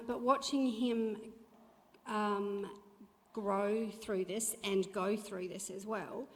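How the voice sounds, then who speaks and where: A middle-aged woman speaks in a chatty, heartfelt way, with plenty of small fillers. She sits at a middle pitch for a woman, and the long reverb of a church hall trails after her voice. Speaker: church speaker sharing testimony. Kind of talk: church testimony talk. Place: church auditorium.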